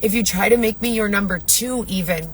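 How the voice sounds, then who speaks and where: A woman's voice: mid-range voice, brisk, slight background noise, rough recording. A woman talking to camera in her car, rambling in an agitated, profane way as she vents to her viewers. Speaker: vlogger. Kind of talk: venting monologue to camera.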